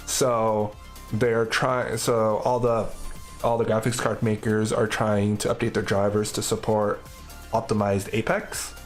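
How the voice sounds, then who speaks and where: A man's voice: on the low side, little pitch movement, unhurried, soft background music. A man streaming live coding, thinking aloud in casual, upbeat commentary.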